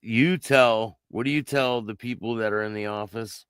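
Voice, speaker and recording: Bright-voiced male host asking questions. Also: on the low side, fairly even intonation, normal speed, clear, resonant tone, no echo, studio quality. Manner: short probing questions. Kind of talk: interview questions.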